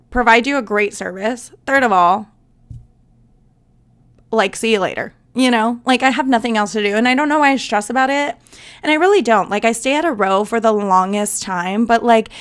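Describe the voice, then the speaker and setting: Chatty woman with a higher voice. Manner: chatty, laughing, acts out passengers. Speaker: podcast host, flight attendant. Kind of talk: casual storytelling monologue.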